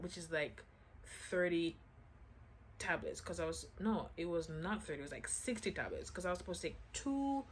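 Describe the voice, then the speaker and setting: A woman's voice: lowish voice, a little hiss or hum. A woman casually telling a personal story to her vlog audience, acting out the quotes with lots of "I'm like" asides.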